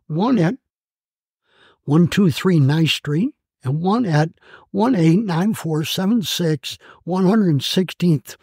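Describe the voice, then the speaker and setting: A man in his eighths decade, a Marine veteran, telling his story in an oral-history interview, halting and emotional with many fillers and restarts. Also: fairly high pitch, a little mellow, breathy edge, no echo. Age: 80s.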